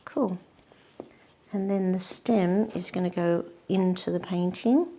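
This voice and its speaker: A woman giving a painting demonstration, murmuring softly to herself and often dropping to a whisper. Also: lowish voice, slow, slight background noise. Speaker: art instructor.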